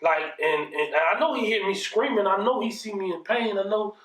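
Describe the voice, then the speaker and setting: A man's voice: high voice, normal speed, fairly bright tone, recorded from a distance. A man casually telling a story from his childhood, profane and rambling, often checking in with "you know what I mean". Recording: roomy echo, mic set back.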